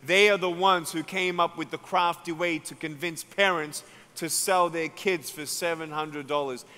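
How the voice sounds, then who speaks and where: A man with an Australian accent, preaching a sermon as an evangelist and telling a story, acting out each person's words and building to loud climaxes. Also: a little high, fairly even intonation, moderate pace, smooth. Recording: long hall reverb.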